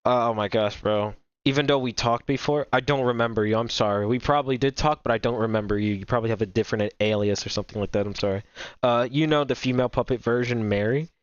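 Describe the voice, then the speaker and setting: A man's voice: medium pitch, fast, smooth, no room sound, lo-fi sound. A young man casually commenting on a game while chatting with viewers, rambling and repeating himself, often apologizing. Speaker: gaming streamer.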